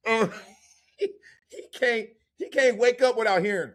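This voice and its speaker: A man hosting a sports talk podcast, telling animated stories, acting out voices and laughing often. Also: very high voice, a little slow. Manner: storytelling, mimics others' voices, laughs often. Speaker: host.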